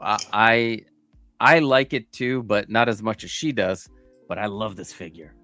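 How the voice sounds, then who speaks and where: A married man on a toy collecting panel, talking in a halting, hesitant way. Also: fairly low pitch, pushed and bright, soft background music. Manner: halting, many fillers and restarts. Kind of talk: casual panel chat.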